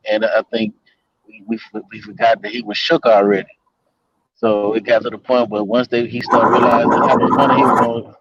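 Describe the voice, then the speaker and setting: A man's voice: medium pitch, no echo, dull audio. A man on a debate panel, speaking plainly with casual slang.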